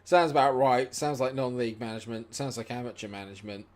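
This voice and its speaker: A man streaming a football management game, muttering, then shouting and swearing at the match. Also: medium pitch, steady tone, quick pace. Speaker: gaming streamer. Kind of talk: live gameplay commentary.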